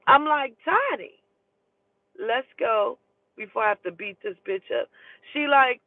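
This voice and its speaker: A woman telling a heated, profane story in an emphatic, animated way. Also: fairly high pitch, unhurried, no echo. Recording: tinny phone-like sound.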